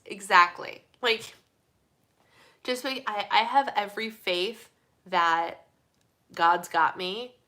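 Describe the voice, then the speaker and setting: Young woman, bright tone, chatty live-stream host, animated, lots of fillers. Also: medium pitch. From Midwestern United States. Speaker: host of a live community chat. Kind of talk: casual live-stream chat reading comments.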